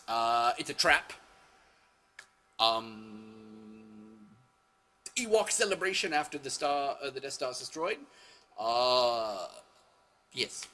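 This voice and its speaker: Animated, bright-voiced man rambling. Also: mid-range voice. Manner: rambling, self-correcting, exclaiming. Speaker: vlog host. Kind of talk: casual storytelling monologue.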